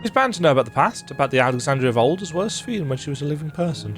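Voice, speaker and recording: A man's voice: a little high, lively intonation, racing, faint music behind. A man casually commenting on a game he is playing, reading dialogue aloud in a playful, jokey way. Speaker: gaming video creator.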